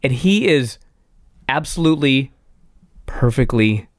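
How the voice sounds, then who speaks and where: A podcast co-host recaps old wrestling with big swings in pitch, animated and salty with profanity. The voice sits at a middle pitch and is recorded dry and close with no room around it. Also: a little slow, dry recording. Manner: animated storytelling, heavy swearing. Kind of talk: casual wrestling recap chat.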